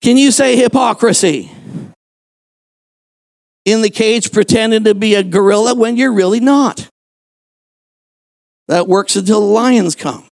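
A man with an unusually high voice preaches to his congregation. He builds to shouted emphasis and keeps throwing rhetorical questions at the room. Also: measured pace, gravelly, pauses often, no room sound. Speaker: pastor. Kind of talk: sermon. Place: church, before a congregation.

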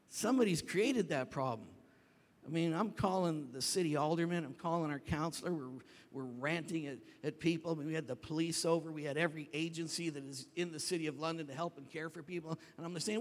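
Pastor preaching in a reverberant hall. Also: male voice, a little high, brisk. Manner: animated storytelling, rising to shouts when reenacting. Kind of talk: sermon. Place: church sanctuary. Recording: long reverb of a large hall.

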